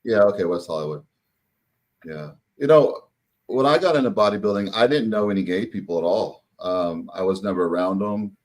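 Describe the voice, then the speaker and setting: A man's voice: fairly low pitch, moderate pace, a little mellow. A man hosting a casual interview, talking loosely with many fillers. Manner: loose, filler-heavy, says "y'all". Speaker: host.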